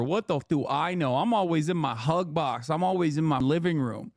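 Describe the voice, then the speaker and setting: A man streaming from his living room, giving political commentary in an animated, exasperated rant with blunt slang. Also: on the high side, moderate pace, hardly any pauses, no room sound, studio quality. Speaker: Twitch streamer.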